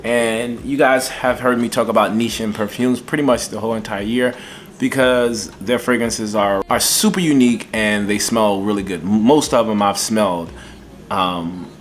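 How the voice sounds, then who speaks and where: Low-voiced excitable man reviewing scents. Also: normal speed, slight background noise. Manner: excitable, enthusiastic, folksy. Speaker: fragrance reviewer. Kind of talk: casual review vlog.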